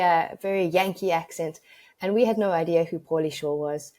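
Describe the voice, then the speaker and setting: A woman from Africa, a podcast guest telling stories in a lively way. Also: fairly low pitch, moderate pace. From South Africa. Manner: lively anecdotal storytelling. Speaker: guest, audit expert. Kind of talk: podcast interview storytelling.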